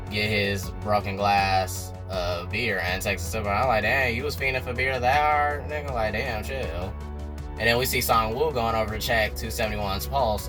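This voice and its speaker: A man recapping a TV episode in a slangy, animated storytelling way, talking straight to his viewers. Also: lowish voice. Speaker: TV recap vlogger.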